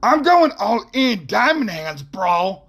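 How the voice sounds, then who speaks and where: A man puts on a loud young guy who is all swagger and slang. His pitch jumps well above the man's own voice, and the tone turns thin and unlike his usual sound. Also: very animated, slow pace, exaggerated voice. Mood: hyped. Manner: boastful, slangy. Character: brash young male crypto bro hyping a junk coin.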